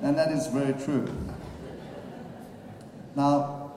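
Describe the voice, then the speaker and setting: A man preaching a sermon, reading scripture aloud at an unhurried pace with filler pauses. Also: mid-range voice, mellow, a little hiss or hum. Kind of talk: sermon summary. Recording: very echoey hall.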